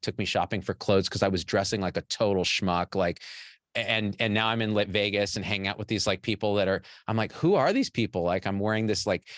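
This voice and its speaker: A man's voice: on the low side, a bit bright, dry recording, studio quality. A man in his forties, a physician and show host, telling a personal story to an audience in a candid, rambling and profane way. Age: 40s.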